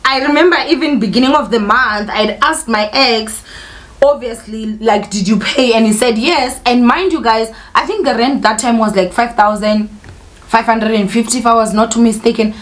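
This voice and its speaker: A woman's voice: on the high side, moderate pace. Young woman doing a storytime vlog, emotional and candid, keeps talking to "you guys". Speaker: vlogger telling a personal story. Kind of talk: casual storytime monologue.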